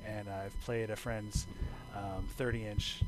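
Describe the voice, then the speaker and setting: A man teaching a bass lesson over a video call, relaxed and rambling, thinking aloud with fillers. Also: takes it slowly, poor audio. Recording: bass guitar playing behind him.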